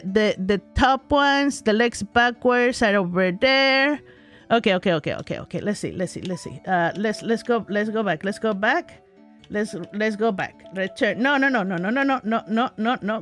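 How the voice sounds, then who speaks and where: High-voiced excitable woman gamer. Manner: excitable, talks to herself, shrieks and laughs. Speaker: gaming streamer. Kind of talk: let's play commentary.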